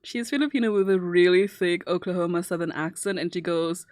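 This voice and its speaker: A young woman whose first language is German chats casually on a live stream and laughs often. Her voice sits a little low. The sound is dry and close, with no room echo. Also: brisk, hardly any pauses, a little mellow. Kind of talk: casual chat while drawing.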